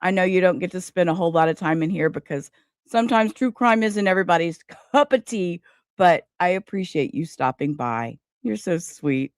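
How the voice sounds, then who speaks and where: A woman's voice: lowish voice, animated, normal speed, no echo, studio quality. A woman hosting a casual true crime live stream, chatting straight to her viewers.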